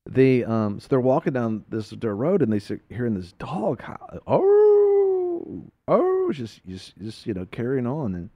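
Lively man telling a story. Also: mid-range voice, moderate pace, few pauses, no room sound, muffled recording. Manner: animated storytelling with laughs and acted-out quotes. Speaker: radio show host. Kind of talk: casual faith talk with a story.

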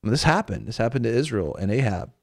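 Man preaching in a lively, conversational way. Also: mid-range voice, fast, vocal fry. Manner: animated, acts out quoted voices. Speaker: minister on a faith talk show.

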